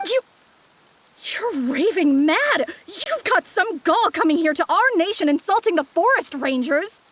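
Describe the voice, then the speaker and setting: A woman's voice: very high-pitched, expressive, a little slow, fairly bright tone, heavily acted. An actress voicing a stern young woman forest ranger who questions strangers firmly, as game voice acting. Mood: indignant. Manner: firm, questioning.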